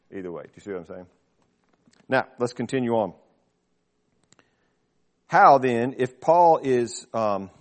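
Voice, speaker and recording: Relaxed man teaching a Bible class. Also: medium pitch. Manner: relaxed, explains verses plainly and checks in with listeners. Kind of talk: conversational Bible study teaching. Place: small group class.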